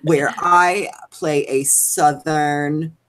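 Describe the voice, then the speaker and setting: Low-pitched woman co-host, animated gossip rant, live show. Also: drawn-out words. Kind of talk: casual chat.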